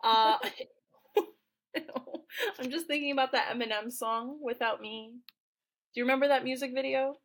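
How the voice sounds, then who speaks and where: A woman's voice: on the high side, steady tone, a little slow, long pauses. A woman co-hosting a casual educational podcast, a former teacher who talks playfully with many fillers and frequent laughs. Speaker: podcast co-host.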